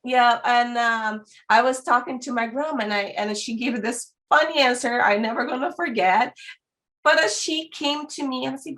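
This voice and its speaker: A woman's voice: a little high, normal speed. A woman guest on a podcast, chatting casually and acting out the voices in her stories, with frequent fillers. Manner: animated storyteller who acts out quoted voices. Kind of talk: casual chat.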